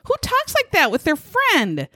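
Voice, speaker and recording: A woman's voice: mid-range voice, sing-song, moderate pace, dry recording. Lady retelling a ghost story all snarky and swearing, voice jumps all over, dry mic. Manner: sarcastic, profane, mocking. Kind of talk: casual storytelling chat.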